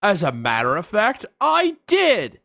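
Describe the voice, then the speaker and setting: Dude doing a cheery customer guy, higher voice, dry mic. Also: big pitch swings, slow, bright, forceful tone, no room sound, full character voice. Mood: friendly. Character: ordinary man customer, friendly and matter-of-fact.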